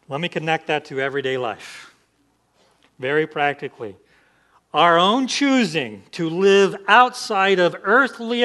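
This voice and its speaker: A man's voice: on the high side, fairly bright tone. A man pastor preaching an emphatic sermon, asking the congregation rhetorical questions.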